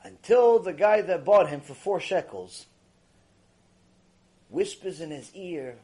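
A man with a fairly high voice delivers a mussar lecture. He exhorts his listeners with passion, sinking to hushed lines and then rising sharply in volume. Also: lively intonation, slow, pauses often. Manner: impassioned, exhorting, big swings between hushed and loud. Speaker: Torah lecturer.

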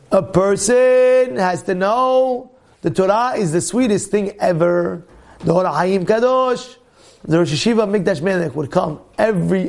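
A high-voiced man with a gravelly edge leads an animated Torah class as a rabbi. He keeps restarting his phrases in quick bursts and slips into other people's voices to make a point.

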